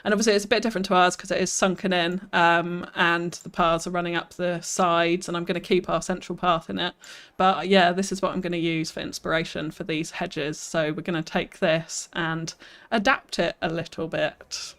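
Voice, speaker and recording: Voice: medium pitch, little pitch movement, moderate pace, a bit bright. A streamer, chatting through a live gameplay session, reading viewer comments aloud and answering them with self-deprecating laughs.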